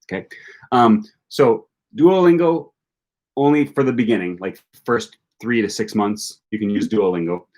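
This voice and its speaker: A young man hosting a language-learning live stream, reading out viewer questions and answering them in a relaxed, chatty way with plenty of ums and restarts. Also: on the low side, measured pace. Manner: reads viewer questions aloud and answers chattily, many fillers.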